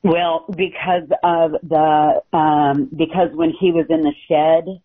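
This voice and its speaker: Woman phone-in caller; hesitant and emotional, low pitch, thin telephone sound. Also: flat delivery. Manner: halting, tearful, hesitant. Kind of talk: call-in conversation. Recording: tinny phone line.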